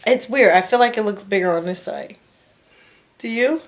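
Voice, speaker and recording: A woman's voice: mid-range voice, moderate pace. A woman in her thirties, a vlogger, talking candidly and rambling a little as she gives a casual personal update. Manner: candid, rambling, with frequent fillers.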